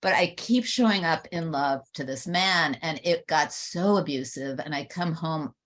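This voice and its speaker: A woman with a low voice speaks candidly on a webinar panel. She tells a personal story and gets animated whenever she quotes other people. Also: a little slow.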